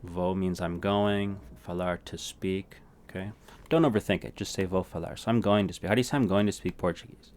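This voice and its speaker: A man teaching a casual language lesson who repeats words slowly for practice and keeps checking in with "right?". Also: low voice, fairly even intonation, darkish tone.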